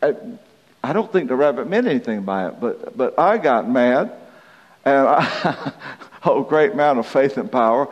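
At a moderate pace, a man with an animated, medium-pitched voice delivers a sermon as a pastor. He chuckles his way through a folksy, self-deprecating story, captured in a dull, reverberant hall.

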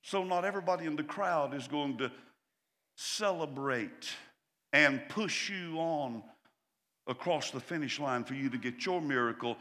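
A man preaching a sermon as pastor, impassioned and building to loud cries. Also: on the high side, unhurried. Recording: long hall reverb.

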